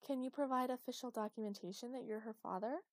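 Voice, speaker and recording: A woman's voice: on the high side, fast talker, no echo, pitched above the performer's own voice, lightly acted. Brief: official phone voice, courteous but immovable, read by a woman. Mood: formal, stiff. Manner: formal, scripted politeness. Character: polite but stonewalling female camp receptionist.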